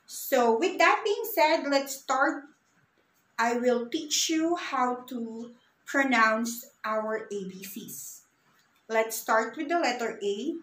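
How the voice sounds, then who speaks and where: A woman's voice: fairly high pitch, a bit bright, echoey room, poor audio. A woman teaching a beginner Spanish lesson, patiently spelling words out letter by letter.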